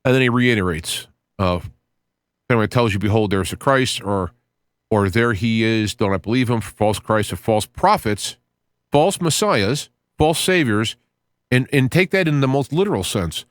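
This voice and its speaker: A man hosting a podcast, talking casually about scripture in an earnest, rambling way, often restarting his phrases and reading passages aloud, with sudden rises in pitch when excited. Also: normal speed, no echo, clean studio sound. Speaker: podcast host.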